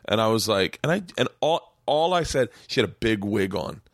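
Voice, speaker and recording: A man's voice: lowish voice, lively intonation, moderate pace, no echo, studio quality. A man hosting a podcast, telling stand-up club stories in casual, profane chat and acting out the quotes in a raised voice. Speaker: podcast host and comedian. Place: small home studio room.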